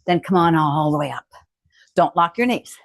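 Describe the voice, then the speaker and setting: This fitness instructor has a low, animated voice and keeps a moderate pace as she leads a home strength session. She calls out every move and encourages the viewer with frequent cheers, and there's no echo.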